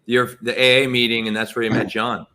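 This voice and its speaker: A man's voice: mid-range voice, little pitch movement, brisk, sharp tone. A man hosting a podcast, chatting casually and a bit rambling with his guest. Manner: friendly, rambling, filler-heavy. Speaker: podcast host. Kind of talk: casual interview chat.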